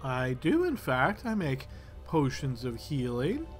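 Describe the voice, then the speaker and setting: A man's voice: mid-range voice, huge pitch swings, takes it slowly, faint music behind. A man voicing an older woman who works as a midwife and apothecary, speaking politely and formally with some hesitation. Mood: prim.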